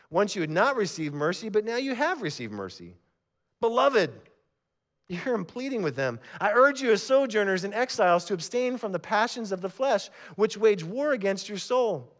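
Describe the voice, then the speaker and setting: A man preaching a sermon as pastor, reading scripture aloud and repeating words as he presses each point. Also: high voice. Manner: emphatic, repeats words when starting phrases; reads scripture aloud, then explains it.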